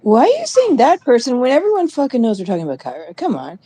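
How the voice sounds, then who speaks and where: A woman's voice: fairly high pitch, huge pitch swings, fast talker, mellow, slightly rough. A woman co-hosting a casual chat show, rambling and joking, often dropping to a near whisper. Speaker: co-host.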